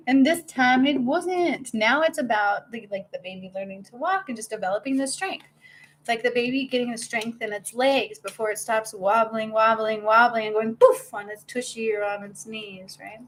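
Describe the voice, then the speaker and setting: A middle-aged woman giving a live-stream spiritual reading, bubbly and excitable, laughing often as she talks. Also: a little high, normal speed. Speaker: spiritual medium and healer.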